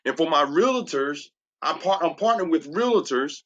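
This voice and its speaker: Man preaching a solar pitch, keeps saying watch this, dull lo-fi sound, slightly high voice. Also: expressive, moderate pace, fairly bright tone. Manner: preachy, emphatic, repeats "watch this". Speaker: transformational coach. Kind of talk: solar sales presentation.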